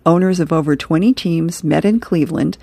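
Woman host, low gravelly voice, laughs between comic readings, dry booth sound. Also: a little fast, warm tone, dry recording. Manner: chuckles between items, reads comic strips aloud. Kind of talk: casual reading aloud.

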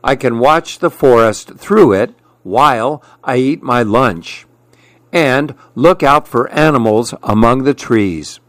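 A man reading a children's storybook aloud, gentle and unhurried. His voice rises and falls a lot for emphasis, and the sound is dry and close. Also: medium pitch, expressive, dry recording.

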